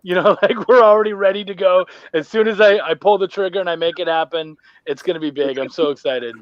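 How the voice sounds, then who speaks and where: A man from Canada with a high voice, talking as a guest on a live stream. He spins his stories with a lot of energy, playing out both sides of a conversation, and drops slang like "homie" along the way. His stream mic sounds dull and lo-fi, with a very dry sound. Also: fast, no echo. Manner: animated storyteller who acts out both sides of a sales pitch. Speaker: guest, independent comic creator. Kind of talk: casual live-stream chat. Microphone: home mic on a live video stream.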